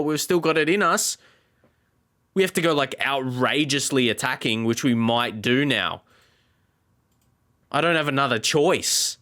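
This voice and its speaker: A man's voice: a little high, pushed and bright. A man giving let's play commentary as a gaming YouTuber, often exasperated and talking back at the game.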